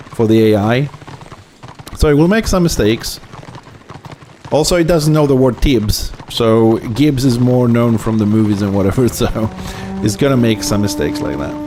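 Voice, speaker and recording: A man's voice: mid-range voice, a little mellow, slight background noise. A man with a slight lisp streams a game live and talks in English, which is not his first language. His manner is chatty and easygoing, and he stops to explain things to his viewers as he plays. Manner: non-native English speaker. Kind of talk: casual live-stream commentary.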